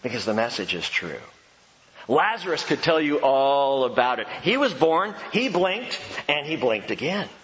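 A man preaching a sermon as pastor, animated and emphatic, with joking asides. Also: mid-range voice, moderate pace. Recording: echoey hall, dull lo-fi sound.

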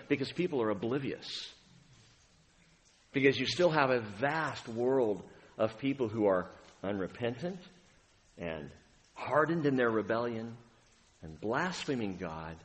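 A man preaching a sermon as pastor, dramatic and swinging from booming lines to hushed ones. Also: in a large hall.

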